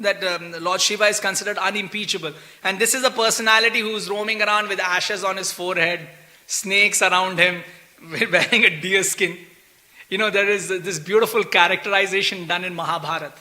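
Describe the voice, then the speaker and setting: A man teaching a scripture class in a temple hall, with a high, piercingly bright, tense voice. He tells the old story as an easygoing chat, full of "you know" and little chuckles, as if he were talking with friends. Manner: chatty, animated retelling, chuckles often, many "you know" fillers.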